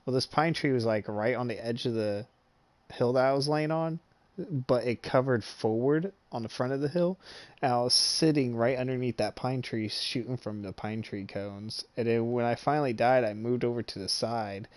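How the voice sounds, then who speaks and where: A young man in relaxed, casual chat, retelling a gaming story with plenty of swearing and frequent laughter. His voice sits at an ordinary middle pitch, and the sound is close and dry, with no room echo. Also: normal speed. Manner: animated, swears freely, laughs often. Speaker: gaming streamer.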